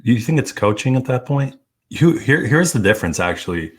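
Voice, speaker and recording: A man co-hosting a casual sports podcast, laid-back and quick to laugh. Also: medium pitch, sing-song. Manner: laid-back, laughs often, talks in restarts. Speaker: podcast co-host. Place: studio, live stream.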